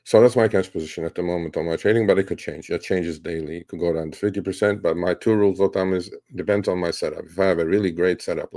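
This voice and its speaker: A middle-aged man with a low, gravelly, mellow voice answers a question about his trading. He talks casually and bluntly, getting animated and swearing at times. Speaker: trader.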